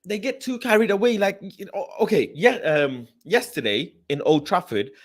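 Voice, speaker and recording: A man, the host of a football talk show, talks in a casual, animated way. His fairly high voice swings widely in pitch, and he repeats himself and turns loud when he gets worked up. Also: brisk, few pauses.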